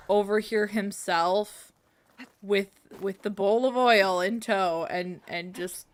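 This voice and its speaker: A woman with a medium-pitched, fairly bright voice speaks a little slowly while streaming as a VTuber. She chats casually and playfully as she plays, rambling between topics and talking back to the game.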